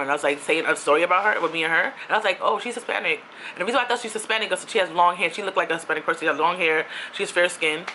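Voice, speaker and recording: A woman's voice: fairly low pitch, pushed and bright, a little hiss or hum. A young woman from Queens in New City, telling a rambling storytime with lots of asides. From New York City (Queens). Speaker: vlogger.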